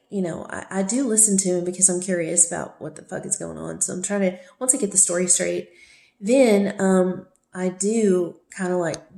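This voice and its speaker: A woman's voice: medium pitch, warm tone. A woman telling a painful personal story in a candid, venting way, swearing freely and talking it through with herself. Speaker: vlogger. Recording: echoey room sound.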